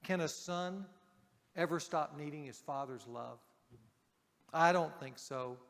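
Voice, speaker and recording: A man preaching a sermon to a men's group, speaking emphatically and dropping to a hush on key points. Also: fairly high pitch, slow, vocal fry, in a large hall.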